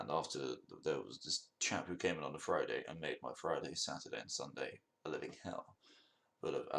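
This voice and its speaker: In a creaky, very deep voice with a fairly bright tone, this young podcast host rambles through a lengthy story on his own show. He keeps it casual, swears freely, and cracks himself up with his jokes.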